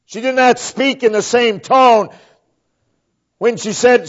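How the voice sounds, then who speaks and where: A man delivers a sermon in an unhurried, deliberate way, hammering phrases through repetition. His voice sits high for a man and lurches from ringing emphasis down to near-whispers. The recording sounds muffled and lo-fi. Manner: dramatic, swinging from loud emphasis to hushed near-whispers. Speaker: preacher. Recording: dull lo-fi recording.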